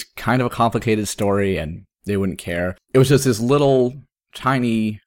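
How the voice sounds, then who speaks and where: Guy in his 30s hosting a podcast, fairly low voice, casual storytelling, voice jumps way up on quotes. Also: normal speed. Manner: animated storyteller with sudden pitch jumps for quoted asides. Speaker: podcast host.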